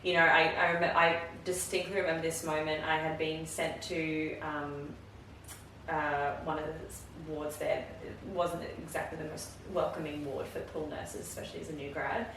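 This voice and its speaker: A candid woman, a guest nurse, tells her work stories with a filler "like" here and there. Her voice sits very low for a woman. She is picked up from a distance in a very echoey room, with faint ambience behind her. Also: little pitch movement, normal speed, a bit bright, a little hiss or hum. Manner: candid, storytelling, slips into "like". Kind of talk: casual podcast chat.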